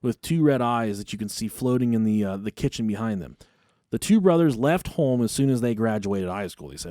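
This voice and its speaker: A man's voice: on the low side, lively intonation, fairly quick, warm tone, dry recording, studio quality. A man hosting a podcast, telling a spooky story in a profane, casual, comedic way. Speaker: podcast host.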